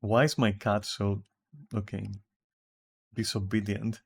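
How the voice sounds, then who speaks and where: A man's voice: lowish voice, little pitch movement, slow pace, vocal fry, breathy edge. A man with a Greek accent chatting casually with viewers while streaming a game from home, rambling and swearing casually. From Greece.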